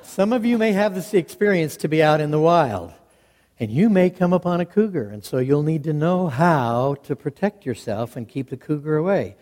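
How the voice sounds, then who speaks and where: A man tells a folksy tale to a live audience, lively and animated, chuckling through the funny parts. His voice is fairly high for a man. It rings out with a long reverb, as in a large hall. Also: normal speed. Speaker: storyteller.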